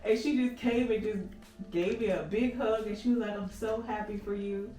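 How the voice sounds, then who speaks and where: A woman vlogger, telling a lively story in casual chat and acting out each conversation. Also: mid-range voice, moderate pace. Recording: echoey room, far from the mic, music behind.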